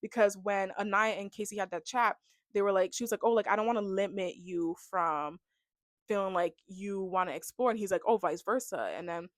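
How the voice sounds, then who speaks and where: A woman's voice: medium pitch, a little fast, dry recording. Chatty young woman, dry sound. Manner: chatty, heavy on "like", animated reactions. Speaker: reality TV recap vlogger. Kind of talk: casual rant to camera.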